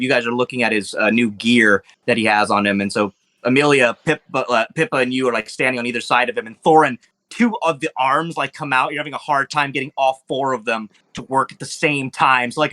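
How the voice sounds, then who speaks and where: A man's voice: medium pitch, a little fast, sharp tone. A man narrating a tabletop game as game master, loose and rambling with many fillers.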